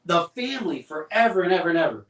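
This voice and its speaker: A man's voice: on the high side, very animated, fast, fairly bright tone, echoey room, distant mic, low-quality recording. A man co-hosting a faith discussion podcast, talking earnestly and fervently with many restarts. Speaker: podcast co-host.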